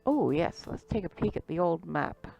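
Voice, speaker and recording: A woman's voice: lowish voice, lively intonation, moderate pace, gravelly, mellow, faint music behind, low-quality recording. A woman reading an adventure game's text aloud and chatting about it casually, now and then stumbling over names. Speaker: let's play host.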